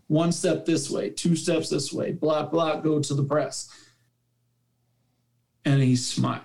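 A man's voice: fairly high pitch, fairly even intonation, slow, gravelly, a little mellow. A man who coaches youth football, chatting on a podcast panel and telling a story with heartfelt emphasis. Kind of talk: casual roundtable chat.

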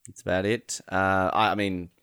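A man's voice: little pitch movement, moderate pace, a bit bright, smooth. A man hosting a casual video-call chat show, joking and laughing as he talks. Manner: jokey, laughs often, mimics people in high voices. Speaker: podcast host.

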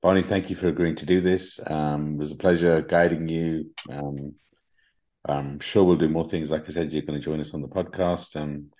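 A middle-aged man with a British accent hosting a spiritual podcast, talking gently and earnestly with many fillers and restarts. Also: very deep voice, little pitch movement, normal speed, highs cut off. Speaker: podcast host. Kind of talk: casual spiritual podcast talk.

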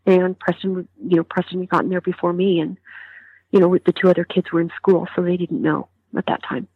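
A woman, a grieving mother, telling her story in an interview in a halting way with many restarts. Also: lowish voice, flat delivery, breathy edge, dry recording, phone-quality sound. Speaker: mother of a murder victim, interview guest. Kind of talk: emotional interview testimony.

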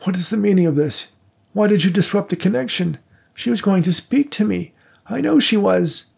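Male narrator putting on elderly distraught widower, raised pitch, raspy edge. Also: expressive, moderate pace, a little mellow, full character voice. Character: elderly grieving rich widower, pleading.

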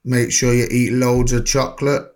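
A man's voice: mid-range voice, flat delivery, normal speed, voice pushed down, natural voice. A man doing a Cockney impression of his podcast co-host, matey and slangy with a drawl. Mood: laid-back. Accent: Cockney (put on).

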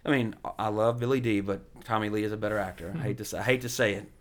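A man's voice: fairly low pitch, steady tone, very fast, a little hiss or hum. A man hosting a podcast, chatting casually and enthusiastically about films with lots of fillers. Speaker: podcast host. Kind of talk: casual film chat.

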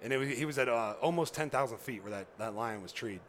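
Fast-talking man telling a story. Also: medium pitch, slight background noise. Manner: animated, acts out quoted dialogue; rambling, lots of fillers like "right?" and "you know". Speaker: guest. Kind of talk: casual storytelling on a podcast.

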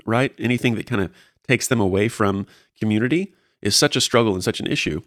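A man's voice: on the low side, fast talker, a bit bright, no echo, clean studio sound. A man co-hosting a faith-based talk on mentoring, speaking earnestly and encouragingly with frequent restarts. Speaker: co-host discussing mentoring. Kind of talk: casual faith-based discussion.

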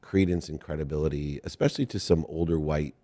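A man's voice: very deep voice, fairly even intonation, fast talker, warm tone. A middle-aged man from Ohio, hosting a podcast interview and telling rambling, earnest stories. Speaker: podcast host. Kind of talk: conversational interview.

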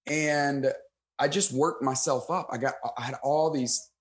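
A man, a pastor guest on a podcast, telling a story in casual conversation, self-deprecating and animated, acting out his own thoughts. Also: medium pitch, unhurried. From United States.

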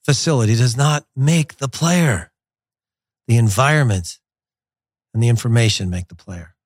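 Blunt, animated man hosting a soccer show. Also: medium pitch, no room sound, studio quality. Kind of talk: casual opinionated talk. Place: glass-walled studio in a resort. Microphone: studio mic.

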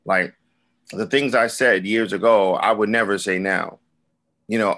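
A man speaks in a somewhat low voice as a guest in a relaxed interview. He rambles, circles back on himself, and restarts his sentences as he goes. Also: unhurried. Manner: loose and rambling, with many restarts and "like". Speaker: recording artist guest. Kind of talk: casual interview chat.

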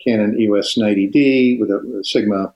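A man's voice: fairly low pitch, steady tone, brisk, highs cut off. An older man chatting as a podcast guest, candid and rambling, with casual swearing. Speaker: guest, music retail executive. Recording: roomy echo.

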